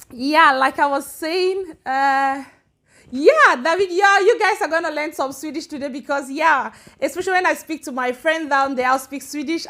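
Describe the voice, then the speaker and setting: A woman's voice: sits high, a bit bright. A woman from Africa hosting a casual livestream, chatting and greeting viewers by name. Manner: chatty, greets viewers by name, switches between English and Swedish. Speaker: livestream host. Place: home in Sweden.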